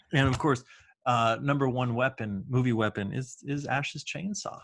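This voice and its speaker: A man's voice: medium pitch, unhurried, a bit bright. A man co-hosting a podcast in casual chat, telling long rambling stories full of fillers and restarts. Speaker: podcast co-host.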